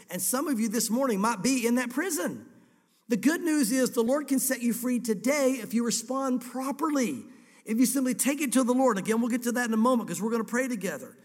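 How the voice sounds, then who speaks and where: A man's voice: extremely high pitch, long reverb tail. A male pastor preaching a sermon, earnest, dramatizing the scripture he reads.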